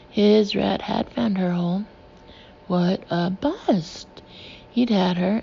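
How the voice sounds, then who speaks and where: A woman reading an audiobook in a hushed, sometimes breathy delivery. Her voice is mellow and carries vocal fry. The recording sounds slightly dull, with a faint hiss behind it. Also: medium pitch. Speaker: audiobook narrator. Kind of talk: audiobook narration.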